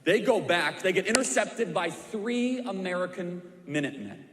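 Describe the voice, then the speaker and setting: A man's voice: high voice, expressive, moderate pace, noisy background. A man telling a history story to a church crowd with emphatic, repeated punchlines. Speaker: speaker at a church civics event. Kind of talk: preaching a history story to a live audience. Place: large church auditorium. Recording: echoey hall with long reverb.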